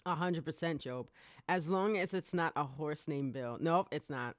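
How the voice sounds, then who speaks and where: A podcast host in their forties, chatting excitably on a live stream, rambling, laughing often and swearing freely. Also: mid-range voice, moderate pace, dry recording, clean studio sound.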